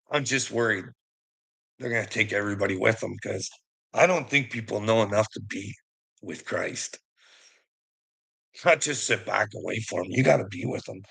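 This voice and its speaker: Gravelly, profane man telling a story. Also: lowish voice, moderate pace, long pauses, fairly bright tone, low-quality recording. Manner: profane, rambling, laughs often. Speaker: vlogger. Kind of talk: casual storytelling monologue.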